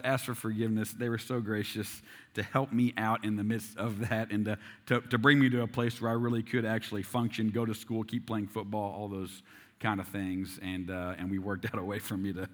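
A man's voice: on the low side, fairly bright tone. A man in his forties preaching a sermon, telling a personal story in a conversational, self-deprecating way and asking the congregation rhetorical questions. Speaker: pastor.

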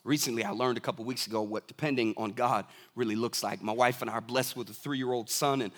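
A young adult man preaching a sermon as a pastor, moving from soft, low asides to raised, emphatic lines. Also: steady tone, quick pace.

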